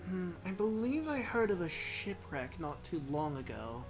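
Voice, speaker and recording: A game master voicing a calm, gracious goddess queen of wisdom in a tabletop game, speaking in a measured way with thoughtful pauses. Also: mid-range voice, soft background music, voice pushed up. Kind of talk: tabletop game role-play.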